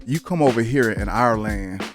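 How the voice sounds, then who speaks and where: A man's voice: on the low side, normal speed, music in the background. A man hosting a reaction commentary show, speaking emphatically and building into heated, cursing rants. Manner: emphatic, rising into heated preaching, curses. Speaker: show host.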